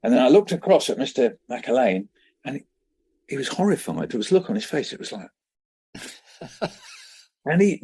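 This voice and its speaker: A man in his seventies from England, a children's poet guest telling lively anecdotes in an interview and acting out the voices in them. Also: medium pitch, moderate pace, pauses often, husky. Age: 70s. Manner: lively anecdotal storyteller who acts out voices. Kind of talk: conversational storytelling interview.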